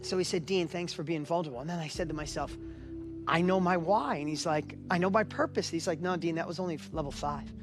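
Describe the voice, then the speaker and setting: Middle-aged guy, high voice, motivational stage talk, emotional storytelling. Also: fast, music in the background. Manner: storytelling, emotional, builds to urgent exhortation. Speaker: event speaker.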